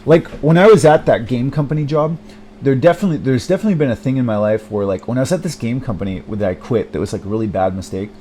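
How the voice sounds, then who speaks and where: A man's voice: medium pitch, fast talker, mellow, a little hiss or hum. Hesitant young man rambling alone. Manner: hesitant, many fillers and restarts, self-deprecating, swears often. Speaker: vlogger. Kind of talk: rambling personal monologue.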